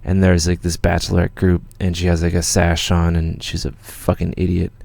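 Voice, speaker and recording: A young Canadian man with a low, gravelly voice, casually chatting on a livestream from his home studio. He rambles through stories with plenty of fillers and the odd curse. The sound is dry and close, with no room echo. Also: monotone, moderate pace, a little mellow. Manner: rambling, laid-back storytelling with many fillers and swearing. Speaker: music producer hosting a live Q&A stream.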